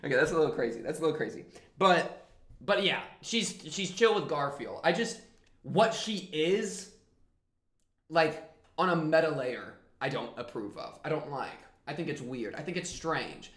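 Male reaction host, bright slightly high voice, loose rambling commentary, echoey room. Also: moderate pace. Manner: rambling, animated and jokey, then winds down to a quieter reflective tone. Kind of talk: casual commentary to camera.

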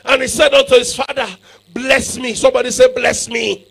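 Male revival preacher, high and gravelly, bright and husky, booming call-and-response. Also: level tone, moderate pace. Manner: shouting, call-and-response preaching with sudden loud bursts. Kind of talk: revival sermon.

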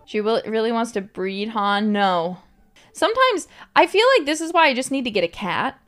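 A woman streamer chats in a loose, rambling late-night way, giggling and stringing thoughts together with "like". Her voice sits fairly high. Soft music plays faintly behind her. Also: lively intonation, normal speed. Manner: rambling, giggly, filler-heavy "like".

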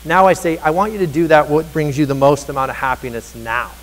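A man with a slightly high voice delivers a motivational conference keynote. He tells anecdotes with energy and acts out both sides of each exchange. His voice rings with the long reverb of a large hall. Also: brisk. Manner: energetic storyteller, acts out dialogue. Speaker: keynote speaker on teacher happiness.

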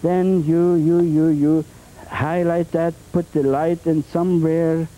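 A man demonstrating oil painting on a 1980s TV show, talking in a halting, repetitive way with many fillers and playful folksy phrases. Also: fairly high pitch, little pitch movement, warm tone, poor audio. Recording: 1980s TV tape transfer.

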